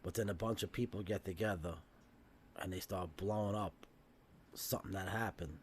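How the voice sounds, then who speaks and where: A man's voice: sits low, normal speed, slight background noise. A middle-aged man with a thick Brooklyn accent, a podcast guest chatting bluntly and swearing freely. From Brooklyn, New York. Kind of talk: casual podcast chat.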